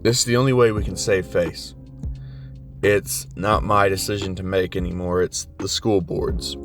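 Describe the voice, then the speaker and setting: A man's voice: deep voice, fairly even intonation, moderate pace, soft background music. A man doing a sorry, formal school principal. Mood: regretful. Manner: formal, apologetic. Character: apologetic male school principal.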